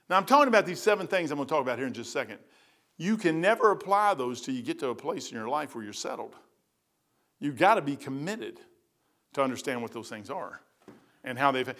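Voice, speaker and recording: Middle-aged man preaching, fairly high voice, chatty folksy delivery with big swings in pitch and loudness. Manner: casual slang, addresses listeners as man and brother. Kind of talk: sermon.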